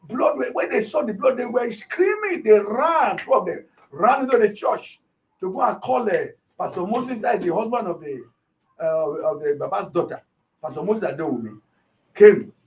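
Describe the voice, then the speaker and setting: A man, a pastor, retelling a shooting and acting out the shouts of the people around him. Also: high voice, moderate pace, recorded from a distance, a little hiss or hum. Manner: animated, acts out shouts of others. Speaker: pastor, interview guest.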